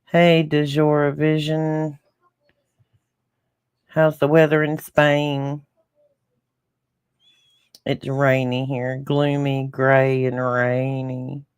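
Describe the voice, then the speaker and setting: A man's voice: medium pitch, little pitch movement, drawn-out words, long pauses, smooth, dry recording, studio quality. Folksy Southern man chatting to viewers. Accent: Southern US rural. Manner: folksy, chatty, reading comments aloud. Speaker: podcast co-host. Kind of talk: casual chat to live viewers.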